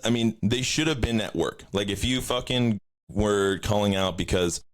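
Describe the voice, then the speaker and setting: A young man rants through a profane story on his podcast. His usual voice sits fairly low, but he keeps leaping up high to replay his own lines. The delivery is loose and animated, full of restarts and asides. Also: moderate pace. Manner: profane, animated storytelling, jumps high when quoting himself. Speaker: podcast host. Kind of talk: casual rant.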